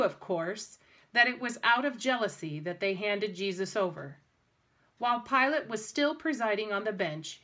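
A woman reading a scripture passage aloud in a measured, even way for a prerecorded church service. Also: mid-range voice. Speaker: scripture reader.

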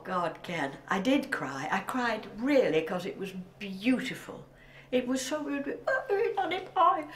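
An older actress giving a heartfelt recorded tribute from a dressing room, emotional and often dropping to a whisper. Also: female voice, medium pitch, reverberant, slight background noise.

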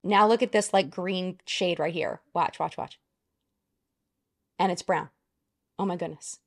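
A woman in her thirties giving a casual, gushing makeup review, full of excited exclamations. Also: on the low side, a little slow, creaky. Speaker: beauty vlogger.

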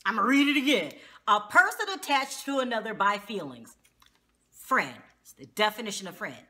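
Animated, bright-voiced woman reviewer. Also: high voice. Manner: animated, exclaiming, slangy and outspoken. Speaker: TV show reviewer. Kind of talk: casual reality TV recap vlog.

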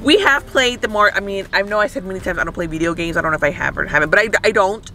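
A man's voice: high voice, very fast, bright, forceful tone, faint music behind. A man casually reviewing a film from inside his parked car, rambling with many fillers. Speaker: movie review vlogger. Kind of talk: casual chat.

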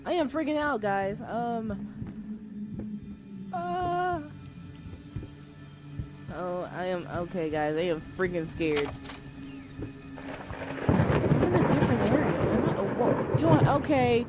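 A woman's voice: fairly high pitch, big pitch swings, takes it slowly, pauses often, over music. A young woman streaming a horror game, chatty and jumpy, talking to the game and to her viewers. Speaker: gamer streamer. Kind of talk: let's-play commentary.

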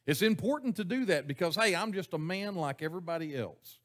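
Preaching in the church sanctuary, this pastor speaks a little fast in a high voice with lively intonation. He addresses his congregation in a folksy way, chuckling and often putting questions to them.

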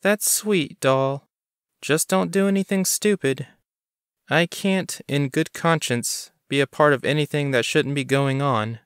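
A man's voice: clear, resonant tone, no echo, studio quality, natural voice. A man voicing a female coffee shop clerk who speaks in a sly, conspiratorial way. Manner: high, drawn-out, sly.

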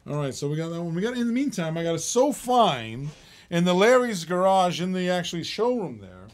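Middle-aged guy running a live auction stream, kinda high voice, rambles and chuckles, calls out the bids. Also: big pitch swings, a little fast.

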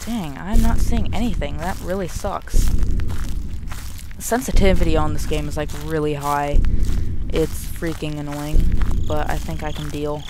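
Young adult gamer, panicky horror game play-by-play, slow talk, steady hiss behind. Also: mid-range voice. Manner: jittery, panicky muttering. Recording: noisy home recording.

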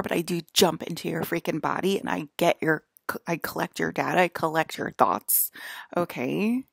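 A woman's voice: fairly low pitch, creaky, breathy edge, no echo, clean studio sound. A woman talking to her viewers in a long rambling monologue, packing her speech with "like" and laughing often, seated at a table indoors. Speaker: vlogger.

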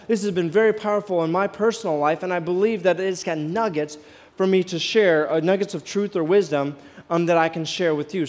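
A male pastor giving a casual sermon in church, walking the aisle, asking the congregation questions and restarting his sentences often. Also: sits high. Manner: conversational, asks the congregation questions, many restarts.

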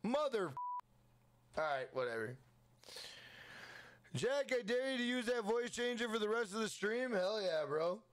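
A man hosting a gaming livestream, giving hyped, rapid shout-outs to his chat. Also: sits high, expressive.

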